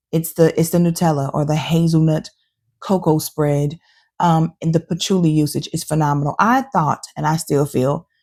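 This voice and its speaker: A woman with a low, gravelly voice talks through her perfume collection in a casual, opinionated way. Her tone is dark and mellow, and her delivery is chatty and animated. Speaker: fragrance reviewer and channel host. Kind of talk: casual talking-head review.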